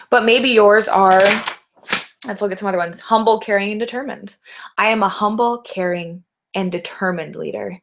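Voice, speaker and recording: A woman's voice: mid-range voice, moderate pace, creaky. A middle-aged woman life coach, talking alone to a camera in an encouraging way and often asking her listeners rhetorical questions. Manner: encouraging, asks many rhetorical questions with tag "right?".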